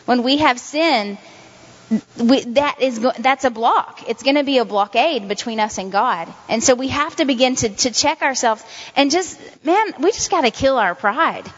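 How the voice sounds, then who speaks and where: A woman's voice: high voice, lively intonation, normal speed. A woman giving informal devotional teaching as a Christian speaker, talking in an earnest, repetitive, conversational way. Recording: dull sound in a reverberant hall.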